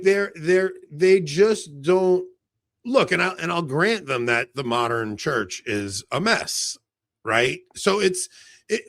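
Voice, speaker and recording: A man with a New York accent co-hosting a podcast, talking in an animated, excitable way and swearing freely. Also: a little high, no room sound. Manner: animated, excitable, cursing, quick laughs. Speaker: podcast co-host. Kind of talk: casual podcast chat.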